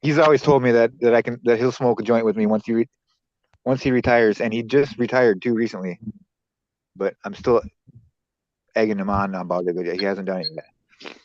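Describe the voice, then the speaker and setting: A man's voice: on the low side, fairly even intonation, fairly quick, long pauses, a little mellow, no room sound. A young man, a podcast co-host, telling stories in casual chat, rambling and swearing a lot. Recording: dull dry lo-fi sound.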